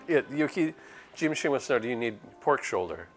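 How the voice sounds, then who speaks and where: A man's voice: medium pitch, big pitch swings, normal speed. A man live-streaming a game, chatting casually and playing a mock-exasperated father scolding his chat. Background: faint game music.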